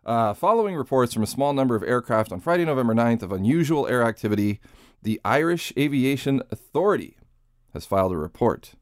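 A man's voice: mid-range voice, very animated, brisk, no echo. A man hosting a podcast in casual commentary style. He sounds sarcastic and incredulous, and he swears freely. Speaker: podcast host.

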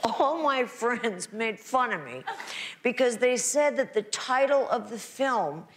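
A woman's voice: on the high side, animated, takes it slowly, very noisy. A woman, an actress, telling self-mocking stories to an audience with punchy comic timing, from archival clips with laughter behind.

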